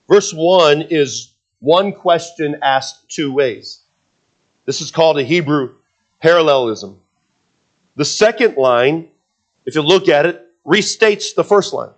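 A man's voice: on the high side, lively intonation, a little slow. A man preaching a sermon, emphatic and repetitive, often restarting his sentences with fillers. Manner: emphatic, repeats himself, frequent restarts and fillers.

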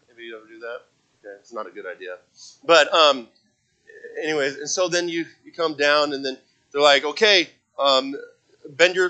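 A man preaching a sermon as pastor, telling a story with many restarts and fillers and acting out shouted voices. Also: medium pitch, low-quality recording. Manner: acts out shouted voices in his stories. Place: church.

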